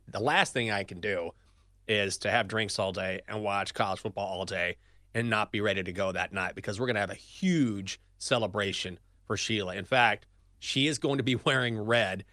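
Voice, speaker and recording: A middle-aged man in relaxed podcast banter, his voice bright and forward in a dry, close room. He talks in loose, rambling runs, stopping and restarting his thoughts with a lively push. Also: lowish voice, no room sound. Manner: rambling, self-correcting, animated. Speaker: sports betting podcast co-host. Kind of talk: casual chat.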